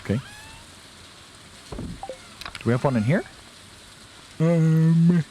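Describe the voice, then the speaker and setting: A man's voice: on the high side, drawn-out words, mellow, a little hiss or hum. A young man casually commenting on his farming game to viewers, chatty and self-deprecating, a bit tired and yawning. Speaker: let's play host.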